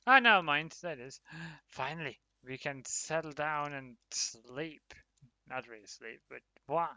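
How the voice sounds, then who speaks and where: Slow, bright-voiced man streaming a game. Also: on the high side, no room sound. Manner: chatty, talks to viewers, laughs often. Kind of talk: casual livestream commentary while gaming.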